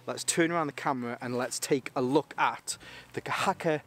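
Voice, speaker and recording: A man's voice: mid-range voice, fairly quick, fairly bright tone. A man casually reviewing gear on his channel, rambling and enthusiastic, joking and restarting sentences often.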